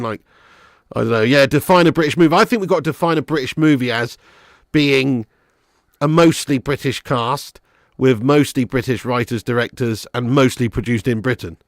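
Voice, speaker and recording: A man hosting a live football watch-along, chatting casually and reading viewer comments. He is animated, swears freely and laughs often. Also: mid-range voice, gravelly, no echo, clean studio sound.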